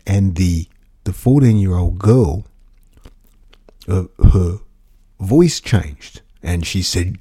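A man's voice: fairly low pitch, warm tone, husky. A man rambling through stories in a casual monologue, often adding "you know" and chuckling. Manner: chatty storyteller, frequent "you know" asides; amused, chuckles while talking. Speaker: vlogger.

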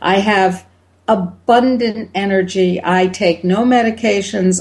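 A woman in her seventies, a doctor as interview guest, telling lively anecdotes. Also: mid-range voice, moderate pace. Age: 70s. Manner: lively anecdotes, mimics shouting voices. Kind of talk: interview storytelling.

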